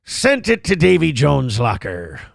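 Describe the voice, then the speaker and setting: A man's voice: mid-range voice, huge pitch swings, measured pace, gravelly, no room sound, heavily acted. A man putting on a salty pirate voice to mock a woman, growling pirate slang. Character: gruff pirate mocking a woman, salty sea-dog talk.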